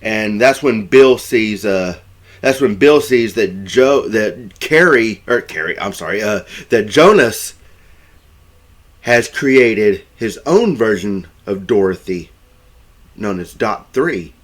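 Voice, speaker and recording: A man casually recapping a film's plot as a reviewer, rambling and correcting himself, and now and then jumping into loud, high-pitched acted quotes. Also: expressive, slow pace. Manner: rambling, self-correcting storyteller. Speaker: movie reviewer.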